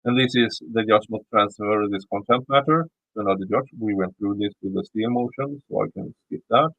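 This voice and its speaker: A man's voice: lowish voice, a little fast, no echo, phone-quality sound. A man with a Swedish accent reading a legal motion aloud and commenting on it, often stumbling and repeating words as he reads. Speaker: YouTube commentator.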